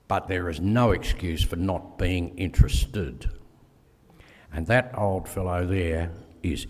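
A man's voice: low-pitched, a little mellow, long reverb tail. An older Australian man giving a folksy speech with stories, acting out voices in his anecdotes. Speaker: guest speaker.

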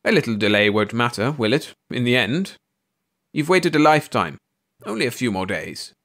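A man voicing a smooth-talking salesman with an oily, placating manner. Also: mid-range voice, sing-song, moderate pace, fairly bright tone. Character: smooth-talking middle-aged male con-man salesman.

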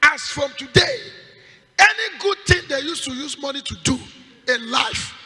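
A Nigerian pastor leading a fervent vigil, shouting prayer declarations and calling out for the congregation to answer back. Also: male voice, very high-pitched, expressive, moderate pace, soft background music. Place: large church hall at a night vigil. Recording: reverberant church hall.

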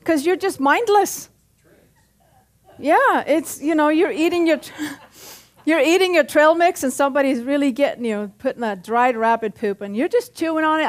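A middle-aged woman pastor preaches at a moderate pace in a high voice inside a church. She's punchy and jokey, and she frequently asks for an amen.

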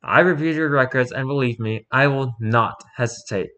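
A man's voice: mid-range voice, moderate pace, sharp tone, lightly acted. A man voicing a stern, detached male researcher doctor who gives orders to prisoners.

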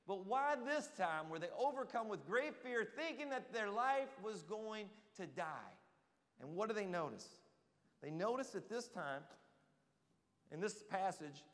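A man preaching a sermon in a church, animated and asking the congregation questions directly. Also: high-pitched. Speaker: pastor. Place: church sanctuary. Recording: reverberant church hall.

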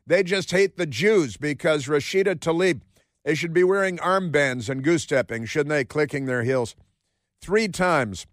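A man's voice: a little high, measured pace, no room sound, studio quality. Sarcastic rambling male radio host. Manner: sarcastic, rambling, with many filler words. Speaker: radio talk show host. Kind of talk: talk radio monologue. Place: radio studio.

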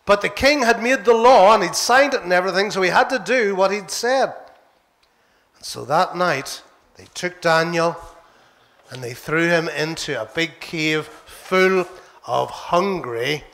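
A Northern Irish minister spins a Bible story for children, lively and playful. His voice sits notably high for a man and carries a gravelly rasp. He sounds like he is speaking in a church. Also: a little slow.

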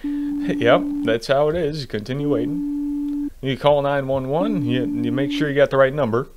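A man's voice: mid-range voice, unhurried, heavy background noise. A young man giving casual, jokey gameplay commentary, rambling and laughing often. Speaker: gaming video host.

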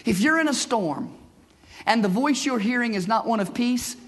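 A man preaching a sermon in church as pastor, building from measured storytelling into impassioned, shouted bursts. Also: extremely high pitch, animated.

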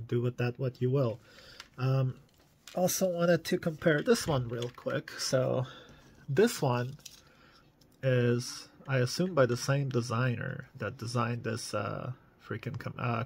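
A man's voice: medium pitch, vocal fry, breathy edge. A man casually reviewing collectible toy cars in an enthusiastic, chatty way, full of fillers.

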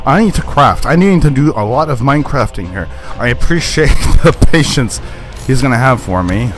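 A man's voice: medium pitch, expressive, moderate pace, over music. A man giving live gameplay commentary, swearing a lot and yelping when startled. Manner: profane, jumpy, yelps when startled. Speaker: let's play gamer.

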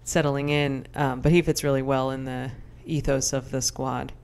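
A young adult woman co-hosting a podcast, telling stories in animated, casual chat full of fillers. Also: rumbling low, normal speed, clean tone. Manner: animated, chatty storyteller with many fillers. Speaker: podcast co-host.

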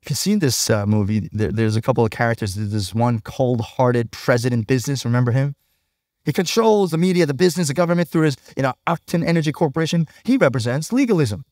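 A man's voice: mid-range voice, expressive, fast, a little mellow, dry recording, studio quality. A male pastor preaching a sermon in a conversational way, often checking in with the congregation by asking "right?".

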